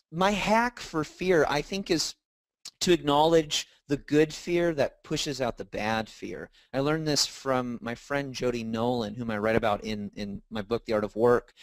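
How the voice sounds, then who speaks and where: A man's voice: medium pitch, no echo. A man in his thirties, an author and speaker, telling stories in a casual interview and acting out the dialogue he quotes. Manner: animated storytelling, acts out quoted dialogue.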